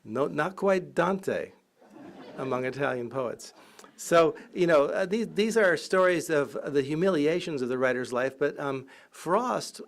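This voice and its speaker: A college professor with a voice on the high side and some vocal fry speaks a little slowly in a humorous public lecture. Lively and irreverent, he fills it with anecdotes, frequently laughing and tossing in cheeky asides.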